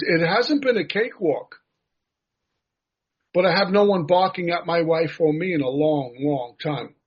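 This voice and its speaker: A man with a husky, somewhat higher voice tells his recovery story in an earnest, self-deprecating way. The recording sounds dull and lo-fi. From United States. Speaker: recovery meeting speaker. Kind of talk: personal recovery share.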